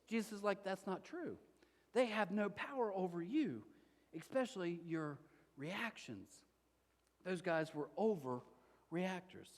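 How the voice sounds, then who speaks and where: A man preaching a sermon as pastor, animated and conversational, often acting out quotes. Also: sits high. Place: church auditorium. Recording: long hall reverb.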